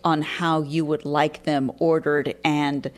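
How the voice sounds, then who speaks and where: A woman hosts an interview and asks thoughtful questions in an easy, conversational way. Her voice is notably low for a woman. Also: flat delivery, takes it slowly.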